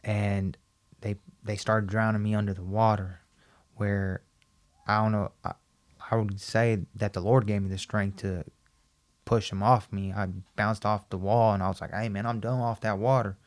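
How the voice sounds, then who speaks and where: A man as a podcast guest, recounting a personal story and acting out the dialogue in an animated, repetitive way. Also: lowish voice, normal speed. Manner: animated, acts out quoted dialogue, repeats himself.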